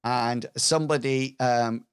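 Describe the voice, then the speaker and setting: A man runs a tabletop game at an unhurried, deliberate pace. He narrates haltingly, with plenty of ums and pauses between phrases. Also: mid-range voice, steady tone, clean tone. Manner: hesitant, with many fillers. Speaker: game master.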